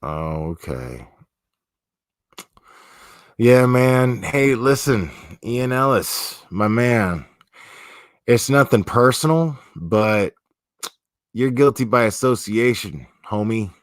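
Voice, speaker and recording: A man's voice: mid-range voice, animated, takes it slowly, long pauses, no echo, studio quality. A man hosting a livestream, chatting casually with viewers in a profane, slangy, laid-back way. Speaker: livestream host.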